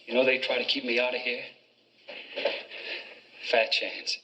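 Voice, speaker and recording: A man's voice: mid-range voice, level tone, a little slow, bright, forceful tone, muffled recording, a little hiss or hum. An actor playing an overbearing middle-aged father who coaxes and pushes his son. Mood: pushy. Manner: pushy, coaxing.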